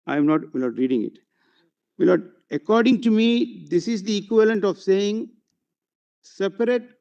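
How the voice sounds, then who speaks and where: A man's voice: high voice, darkish tone, highs cut off. A man with an Indian English accent arguing before a court, reading out passages and citations and constantly addressing the bench as my lord. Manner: reads out passages and page citations. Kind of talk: formal courtroom argument.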